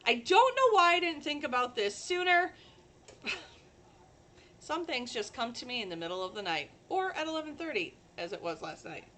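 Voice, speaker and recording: A woman's voice: sits high, big pitch swings, moderate pace, sharp tone, slight background noise. A woman hosting a chatty live crafting stream, bubbly and talking straight to her viewers.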